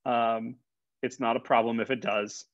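A man's voice: medium pitch, level tone, normal speed, no room sound. A man, a college instructor, giving a conversational classroom lecture with fillers and repeated words. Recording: dull, dry lecture recording.

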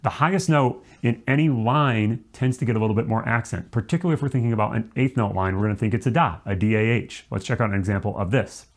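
A man's voice: on the low side, quick pace, hardly any pauses. A man teaching a music lesson, explaining rules step by step and now and then singing short syllables to demonstrate. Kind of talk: instructional explanation.

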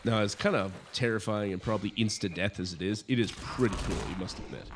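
A young man chatting casually while playing a video game with a friend, animated and rambling, laughing often. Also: lowish voice, fast talker, slight background noise. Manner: animated, laughs a lot, rambling with many fillers. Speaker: let's play co-commentator. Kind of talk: casual gaming chat.

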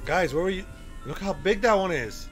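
A gaming host talks his way through a horror game, jumpy and excitable, thinking out loud as he goes. His voice sits a little high for a man and swings widely in pitch. Soft music plays faintly underneath. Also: moderate pace. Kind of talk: horror game playthrough commentary.

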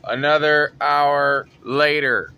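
A man telling a story from his retail job in an animated, dramatic way. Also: a little high, slow, clear, resonant tone. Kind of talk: casual storytelling vlog.

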